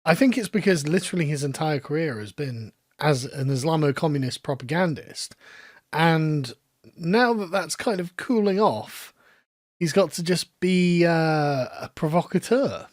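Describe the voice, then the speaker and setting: A man's voice: fairly high pitch, expressive, measured pace, no echo, studio quality. A man giving scoffing, sarcastic commentary on a video clip. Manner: sarcastic, scoffing, laughs at his subject. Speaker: online commentator. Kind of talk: mocking commentary on clips.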